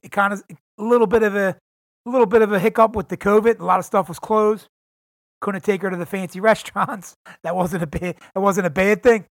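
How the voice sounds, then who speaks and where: A man's voice: high-pitched, fairly even intonation, fairly quick, creaky, no room sound, studio quality. A man talking alone on his podcast, hyped and profane, calling his listeners "guys" again and again. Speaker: podcast host. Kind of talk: casual solo podcast monologue. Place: home in San Diego.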